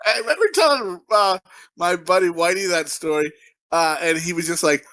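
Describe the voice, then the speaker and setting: A man's voice: sits high, normal speed, sharp tone. A man co-hosting a podcast, chatting casually in a rambling, profane way and laughing often. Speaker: podcast co-host.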